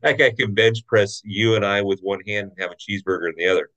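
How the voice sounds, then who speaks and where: Jokey male podcast host, low voice. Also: fairly even intonation, fast, fairly bright tone, low-quality recording. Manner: friendly, jokey, laughs often. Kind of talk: casual podcast chat.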